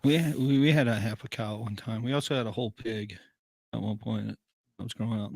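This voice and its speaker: A man's voice: fairly low pitch, fairly quick, creaky, darkish tone, breathy edge, no echo. A man co-hosting a podcast in casual chat, easygoing and agreeable, telling sports stories. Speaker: podcast co-host.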